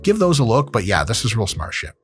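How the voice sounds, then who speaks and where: Talking fast at medium pitch over music, the host, an exercise scientist, runs through a fitness commentary. He jokes and curses casually in an animated way, explaining training and playing an ad read for laughs.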